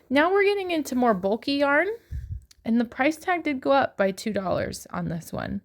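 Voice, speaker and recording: A woman's voice: mid-range voice, sing-song, moderate pace, gravelly. A middle-aged woman narrating her own shopping video in a casual voice-over, gushing and admiring. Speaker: yarn shopping vlogger.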